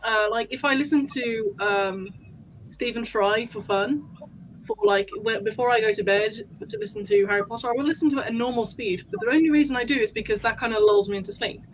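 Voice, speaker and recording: A woman's voice: fairly high pitch, animated, fairly quick, slight background noise, low-quality recording. A woman guest in a casual book club chat, talking thoughtfully in long rambling turns, with some casual swearing.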